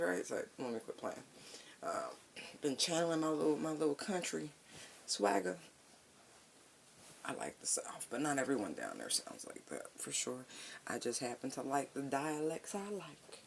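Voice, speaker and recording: A tarot reader gives a relaxed, slangy, profane reading, humming and musing aloud with long drawn-out hums as cards are pulled. The voice is mid-range with vocal fry, and there's slight background noise.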